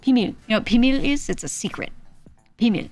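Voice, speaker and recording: A woman's voice: fairly high pitch, expressive, quick pace, a little mellow, faint music behind. A young woman streamer giving a casual Korean lesson, chatty and laughing often as she sounds out syllables.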